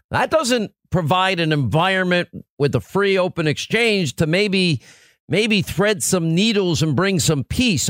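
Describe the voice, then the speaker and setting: A man's voice: sits high, fairly bright tone, no echo. A middle-aged man hosting a political talk radio show, speaking emphatically in repeated rhetorical lists on a studio microphone.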